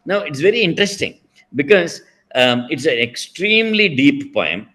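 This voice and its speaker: A man's voice: on the high side, very animated, moderate pace, pushed and bright. A middle-aged man with an Indian accent telling and explaining a devotional story, digressing often with fillers and restarts. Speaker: spiritual speaker.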